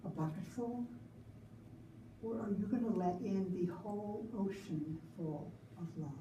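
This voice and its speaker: A woman minister preaching a sermon and leading prayer in slow, rhythmic phrases and call-and-response. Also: mid-range voice, far from the mic, noisy background. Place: church sanctuary. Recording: roomy sanctuary recording from afar.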